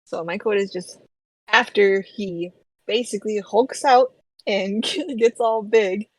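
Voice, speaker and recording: Female co-host, casual and chatty, mid-pitched, dry recording. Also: takes it slowly, no room sound, low-quality recording. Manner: chatty, many "like"s and "you know"s, laughs often. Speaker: podcast co-host. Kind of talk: casual book discussion.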